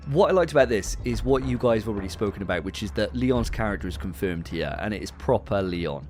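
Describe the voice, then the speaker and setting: A man co-hosting a casual film review chat, retelling scenes with animated, sweary storytelling. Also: on the low side, fast, soft background music. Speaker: podcast co-host.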